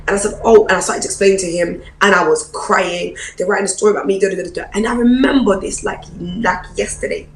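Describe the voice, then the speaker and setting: A woman pastor, preaching a personal testimony in an animated storytelling way. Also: mid-range voice, fast, few pauses, roomy sound, a little hiss or hum, rough recording. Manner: animated storyteller, acts out quoted voices.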